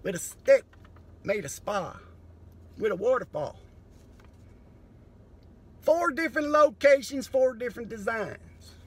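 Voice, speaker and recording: A man doing a profane, sardonic comedy monologue that breaks into sudden loud bursts. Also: extremely high pitch, expressive, takes it slowly, long pauses, slightly rough.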